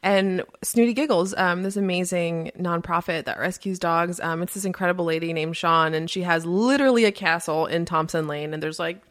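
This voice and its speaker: A woman hosting a podcast, telling a story in casual chat with lots of fillers and quick laughs. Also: lowish voice. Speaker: podcast host.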